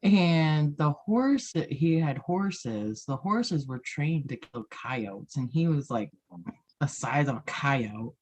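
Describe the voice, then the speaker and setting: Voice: mid-range voice, animated, slow pace, a little mellow, husky. A podcast co-host chatting casually and telling a story, laughing along the way. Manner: chatty, laughs through stories.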